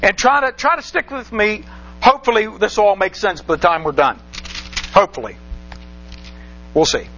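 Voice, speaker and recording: Male preacher, very high voice, rhetorical and repetitive; dull lo-fi sermon recording. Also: very animated, fairly quick, pushed and bright, a little hiss or hum. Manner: rhetorical questions, repeats phrases for emphasis. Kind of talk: sermon with scripture reading.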